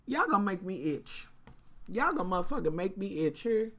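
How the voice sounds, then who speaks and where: A woman's voice: mid-range voice, very animated, moderate pace, fairly bright tone. A woman vlogger telling a story casually and talking straight to her viewers, cursing freely and with lots of animation.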